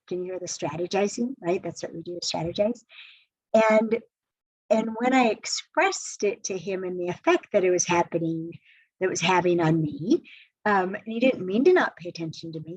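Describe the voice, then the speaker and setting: A woman hosting a live relationship Q&A, telling a personal story in a chatty, animated way with asides to viewers. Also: mid-range voice, husky, dry recording. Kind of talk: casual live-stream storytelling. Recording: dull lo-fi stream audio.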